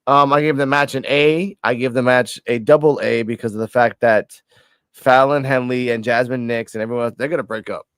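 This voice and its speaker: Man, casual podcast chat, animated, swears freely, middle pitch, dry recording. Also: fairly quick, clean tone, no room sound. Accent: New York. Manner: animated, acts out wrestlers in high voices, swears freely. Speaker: wrestling show reviewer.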